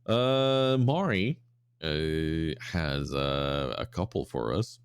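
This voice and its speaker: A man's voice: extremely low pitch, animated, very slow, smooth, dry recording, clean studio sound. A man co-hosting a podcast in casual chat, reading out listener submissions with lots of fillers and restarts. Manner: rambling with many fillers, breaks into silly voices.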